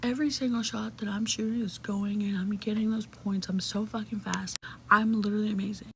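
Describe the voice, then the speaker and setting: Young woman, casual storytime, vocal fry, chatty, "like" fillers, swearing, whispery asides. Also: medium pitch, fairly even intonation, fairly quick, noisy background.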